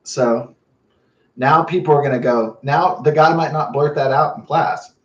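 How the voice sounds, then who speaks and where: A young man talks off the cuff in a loose, halting monologue, stumbling through fillers and false starts. He sits back from the mic, so his voice comes through a little far off and dull, with a roomy echo around it. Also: on the high side. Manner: rambling, halting, lots of fillers and restarts. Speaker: vlogger. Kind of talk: rambling casual monologue. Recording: roomy, muffled, from a distance.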